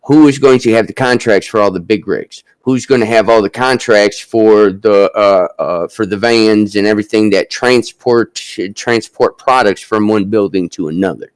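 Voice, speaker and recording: A man hosting a casual live stock chat, talking in a halting way with many drawn-out fillers. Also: fairly low pitch, clean tone, no room sound, poor audio.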